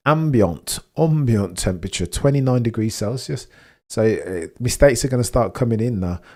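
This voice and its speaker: A man hosting a live stream, giving chatty, excitable race watchalong commentary and laughing often. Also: mid-range voice, normal speed.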